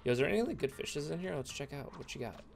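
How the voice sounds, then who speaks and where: Male let's player: casual, rambling, dry sarcasm, animated pitch. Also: quick pace, creaky, faint music behind. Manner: rambling, sarcastic, talks to viewers. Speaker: gaming YouTuber. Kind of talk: let's play commentary.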